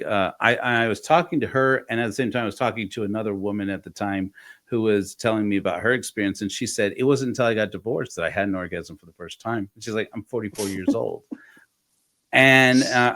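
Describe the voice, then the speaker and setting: A man's voice: lowish voice, brisk. A middle-aged man hosting a casual podcast, telling stories and acting out the voices of the people he quotes. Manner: animated storyteller, acts out quoted voices. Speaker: podcast host.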